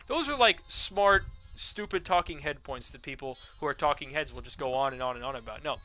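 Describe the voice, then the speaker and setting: A man's voice: fairly high pitch, expressive, fairly quick, few pauses, pushed and bright, faint music behind, rough recording. A young man streaming a video game, chatting casually in a profane, rambling, digressive rant. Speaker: gaming streamer.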